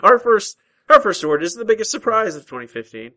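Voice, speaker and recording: A man's voice: high-pitched, big pitch swings, fast talker, sharp tone, low-quality recording. A man hosting a casual podcast chat, chatty and easygoing, often restarting his sentences. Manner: chatty, hesitant restarts, laughs easily. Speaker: podcast host.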